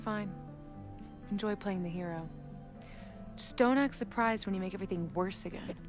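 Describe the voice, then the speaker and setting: A woman's voice: mid-range voice, normal speed, music in the background, lightly acted. An actress voicing a desperate young woman in a video game who pleads, then turns cutting and sarcastic. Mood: bitter.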